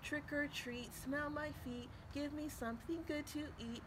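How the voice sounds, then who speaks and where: A woman voicing an excitable young boy frog in a storybook, exclaiming eagerly over a noisy background. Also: high voice, measured pace, voice pushed up. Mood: spooky chant.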